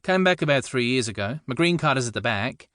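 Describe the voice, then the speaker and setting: A man voicing a frazzled, wry young man with a New Zealand accent, in a lighter and higher register than his narration. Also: lively intonation, fairly quick, dry recording, clean studio sound, close to an everyday voice. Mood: flustered. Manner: higher, brighter and more flustered than the narration.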